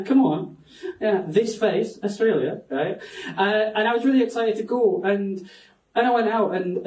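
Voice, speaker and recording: A man's voice: high-pitched, darkish tone, recorded from a distance. A Scottish man doing a stand-up set on a comedy club stage, rambling, self-mocking and sweary. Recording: roomy club sound from off-mic.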